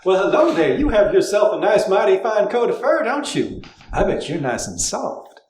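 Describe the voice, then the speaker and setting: Man doing a flirty tavern woman, high drawl, brash and forward, lively swoops, echoey room. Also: normal speed.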